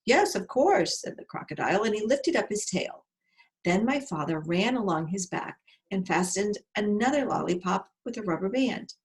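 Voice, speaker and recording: A woman narrating a children's storybook aloud in an expressive, unhurried way. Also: medium pitch.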